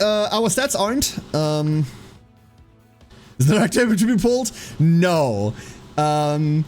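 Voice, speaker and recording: A man's voice: on the high side, unhurried, long pauses. German guy streaming a game, thick-ish german accent, bouncy voice all over the place, hyping up races, bit of music underneath. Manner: chatty, excitable, jokey, slips into hyped race commentary. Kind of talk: casual gaming stream chat.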